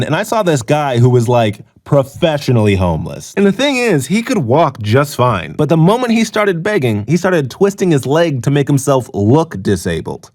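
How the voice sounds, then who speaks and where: A male comedian telling a sarcastic comic story in punchy jokes. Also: on the high side.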